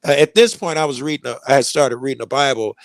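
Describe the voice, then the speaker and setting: Man, casual storyteller, rambling delivery, cusses freely, lots of fillers, mid pitch, dry close sound. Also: quick pace, no room sound. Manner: rambling, profane, many fillers and restarts.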